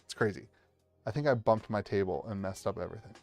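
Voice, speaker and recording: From a home streaming setup at a table, a man opens card packs live for viewers, excitable and cheering and shouting at big pulls. He speaks quickly in a lowish voice, rambling with many restarts. Soft background music plays.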